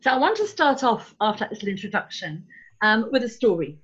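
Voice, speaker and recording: A woman giving a parenting talk, her voice sitting a little high. She speaks in a measured, thoughtful way, slowing down on key words and pausing with ums. The sound is dull and lo-fi. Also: big pitch swings, a bit bright, husky. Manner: thoughtful, measured, with frequent ums and slowed emphasis. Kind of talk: live online talk.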